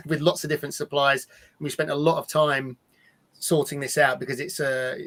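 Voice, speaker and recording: Rambling man giving a live product demo. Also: fairly high pitch. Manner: rambling, restarts and repeats words often.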